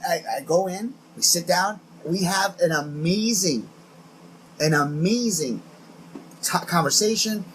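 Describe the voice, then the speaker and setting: A man co-hosting a podcast, telling a dating story in a casual, animated way and acting out the quotes with laughter. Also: high-pitched, a little slow, a little hiss or hum, rough recording. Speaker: podcast co-host.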